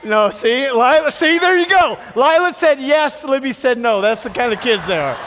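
High-voiced pastor in an echoing hall. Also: male voice, normal speed. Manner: animated, jokey storyteller who acts out voices. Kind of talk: sermon. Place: church. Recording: reverberant church hall.

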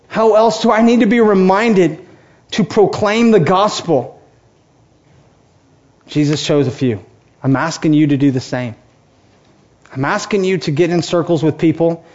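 A man's voice: on the high side, a little mellow, lo-fi sound. A male pastor preaching a sermon with passion, acting out the voices of the people he quotes. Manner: impassioned, acts out quoted voices.

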